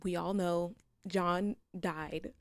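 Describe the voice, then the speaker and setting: A woman's voice: lowish voice, very slow, dry recording, clean studio sound. A woman hosting a reaction video, chatty and emotional as she watches a drama series. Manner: excitable, emotional, chatty, laughing often.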